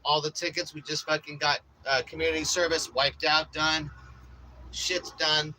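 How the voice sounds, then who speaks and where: A man living in an RV, chatting casually to viewers on his phone outdoors, rambling and profane, swinging between loud hype and low mumbling. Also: flat delivery, normal speed, a little hiss or hum, low-quality recording. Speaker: RV-living vlogger. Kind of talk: casual livestream chat to viewers. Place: outdoors around an RV by the beach.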